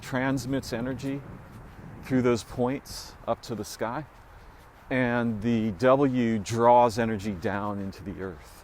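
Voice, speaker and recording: Man, mid-pitch, slow and rambling with lots of fillers, voice jumping up on key points, faint hiss behind. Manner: rambling and speculative, with frequent fillers and restarts. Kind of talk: solo spoken musing recording.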